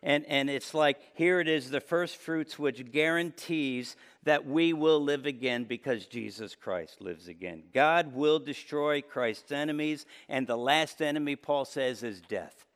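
Preacher guy giving a sermon, kinda high voice, gets fired up then goes soft and low. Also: a little slow, few pauses. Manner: impassioned preaching with wide swings between loud high peaks and low quiet passages. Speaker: pastor.

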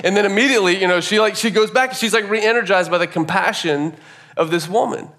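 A man with a voice a bit higher than most tells a personal story in a loose, conversational way. He sounds earnest and reflective, filling his sentences with "like" and "you know" as he draws a faith lesson from it. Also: fairly quick, fairly bright tone. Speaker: speaker sharing a personal story.

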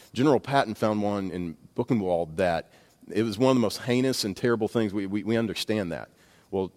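A man preaching a sermon, speaking conversationally with bursts of emphasis and asides. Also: fairly low pitch. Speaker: pastor. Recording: long reverb of a large hall.

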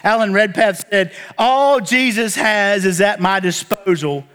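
A man's voice: sits high, a little slow, fairly bright tone, clear, resonant tone. A man preaching a sermon to his church, drawing call-and-response from the congregation and stressing points with emphatic exclamations. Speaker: pastor.

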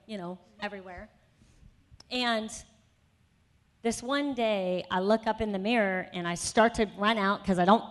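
A woman speaking at a conference, sharing a personal faith testimony. Her voice sits at an ordinary middle pitch. She tells her story in a loose, chatty way, full of asides and fillers, and presses into firm, emphatic conviction as she makes her point. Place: conference session.

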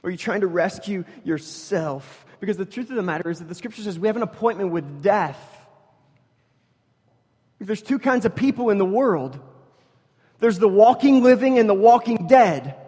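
A man preaching a sermon as pastor, animated, swinging from loud emphasis to hushed intensity, with joking story asides. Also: sits high, husky, long reverb tail. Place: church sanctuary.

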